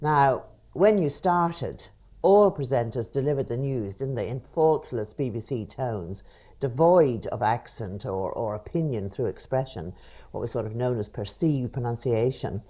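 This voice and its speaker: A woman's voice: a bass voice, expressive, a little slow, dark tone. A woman hosting a radio interview with a polished, welcoming manner. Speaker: radio host.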